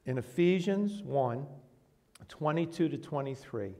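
Gravelly-voiced man preaching a sermon. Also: mid-range voice, unhurried, mellow. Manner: earnest, rises to emphatic bursts, asks the room questions. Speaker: pastor. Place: church sanctuary with congregation.

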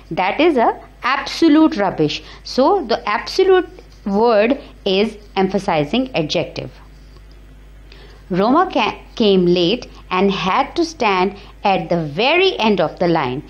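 A woman teacher giving a grammar lecture, explaining each example slowly and repeating it. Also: medium pitch, darkish tone. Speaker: English teacher. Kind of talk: recorded classroom grammar lecture. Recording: slightly dull lo-fi recording.

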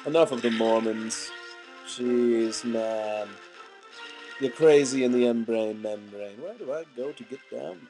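A man's voice: mid-range voice, unhurried, dark tone, faint music behind, low-quality recording. Goofy young man with a gunky throat. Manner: goofy, silly outbursts and running jokes. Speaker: let's play commentator. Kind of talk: gaming commentary.

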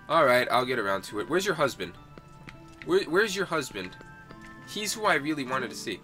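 A young man chatting over his gameplay with playful, rambling asides. His voice is bright and forceful and swings freely in pitch, with soft game music behind him. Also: big pitch swings, moderate pace. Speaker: let's-play gamer. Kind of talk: casual game commentary.

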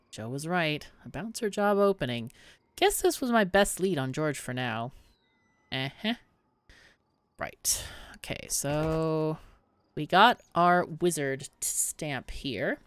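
A woman narrating a let's play, amused and quick to laugh as she reads game text aloud. Her voice sits a little low, moves slowly and swings widely in pitch. Faint music plays behind her. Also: expressive, clean tone. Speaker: gaming YouTuber. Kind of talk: let's play commentary and reading.

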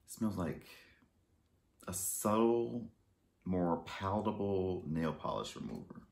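A man vlogging a casual storytime and unboxing, animated, jumping between loud exclamations and muttered asides. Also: low-pitched, slow, vocal fry, echoey room. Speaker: fashion haul vlogger.

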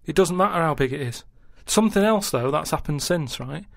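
A man's voice: fairly high pitch, lively intonation, a little fast, vocal fry, no room sound, clean studio sound. A man in casual radio chat, blunt and matter-of-fact, arguing odd ideas in plain terms. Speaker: radio show regular.

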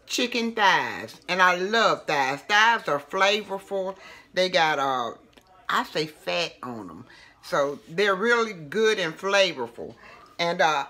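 A woman's voice: on the low side, bright, forceful tone. A woman, chatting casually as she demonstrates home cooking. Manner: chatty, folksy, talks while working with food.

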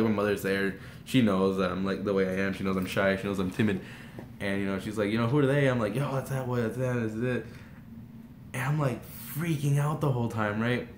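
Excitable young man telling a story. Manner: rambling, filler-heavy retelling that surges into high excited shouts. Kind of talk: casual story time. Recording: roomy echo, faint background noise.

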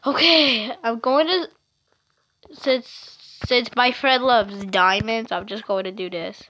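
High-voiced chatty young woman gamer. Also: slow, slight background noise. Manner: chatty and excitable, rambling with fillers. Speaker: gamer narrating her own play. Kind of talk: casual gameplay commentary. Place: at home.

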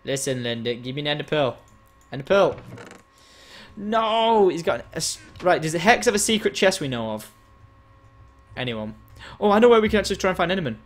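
Over faint music, a young man with a slightly high voice and big pitch swings talks briskly while gaming for his channel. He's casual and teasing, though frustration creeps in now and then.

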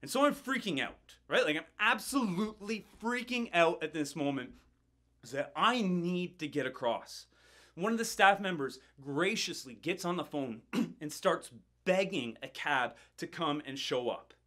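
A middle-aged male pastor, his voice a little high, tells a story in a sermon at a measured pace. He is animated and builds tension, often repeating words as he goes.

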